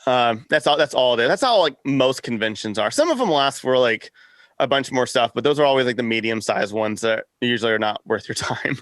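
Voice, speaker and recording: A man in casual interview chat tells stories with animated energy. He acts out what people said and laughs often, at a medium pitch. The recording is close and dry. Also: a little fast, dry recording. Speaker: podcast network founder, guest.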